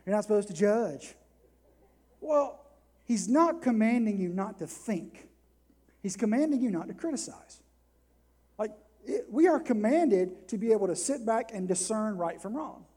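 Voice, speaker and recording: A middle-aged man preaching a sermon, animated, acting out the voices he quotes. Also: high voice. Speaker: pastor.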